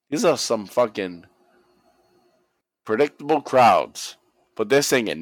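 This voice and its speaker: A man excitedly recapping a wrestling match in casual chat, swearing a lot and acting out the wrestlers' lines. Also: medium pitch, moderate pace, dry recording. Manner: animated, swears constantly, acts out quotes. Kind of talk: casual profane play-by-play recap.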